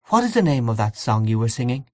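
A man reading aloud, voicing a quiet, wistful young wife who speaks softly. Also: medium pitch, very animated, fast, no room sound, clean studio sound, close to an everyday voice.

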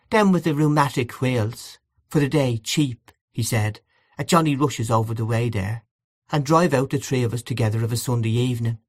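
A woman's voice: extremely low pitch, a little mellow. A man voicing a grieving elderly housekeeper who rambles in a wistful, confiding way. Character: grieving elderly Irish housekeeper, gossipy and plaintive.

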